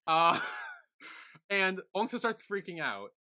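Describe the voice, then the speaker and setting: A podcast co-host in casual chat, retelling scenes with drawn-out fillers, some swearing and laughter. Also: mid-range voice, very animated, sharp tone.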